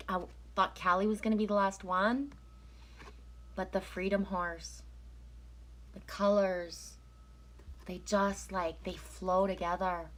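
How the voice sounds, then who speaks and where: A woman's voice: mid-range voice, steady tone, slow, pauses often. A woman from Canada chatting casually on a live stream, rambling as she reads out viewer comments and oracle cards.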